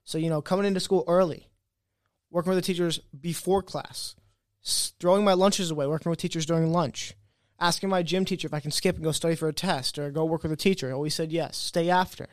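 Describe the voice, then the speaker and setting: A man's voice: on the high side, quick pace, no echo, studio quality. A young man guest in a casual interview, telling his story with energy and acting out the voices of people he quotes. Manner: animated, acts out quoted voices.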